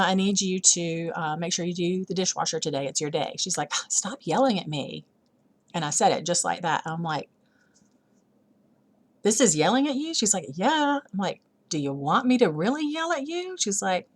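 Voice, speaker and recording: A middle-aged woman giving an informal church talk on parenting, chatty and self-deprecating, with many ums. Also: fairly low pitch. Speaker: church teacher.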